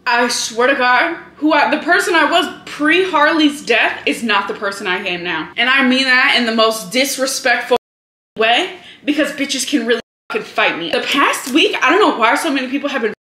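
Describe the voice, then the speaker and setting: A woman in her twenties, from Hawaii, chatting fast and heatedly to camera in a casual vlog, full of profane storytelling. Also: high-pitched, lively intonation, pushed and bright. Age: 20s. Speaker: vlogger. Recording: echoey room with faint noise.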